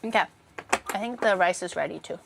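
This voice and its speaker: In her home kitchen, a woman live-streams while cooking, chatting casually with viewers and swearing now and then. Her voice is on the low side with vocal fry, she talks a little fast, and the background is noisy.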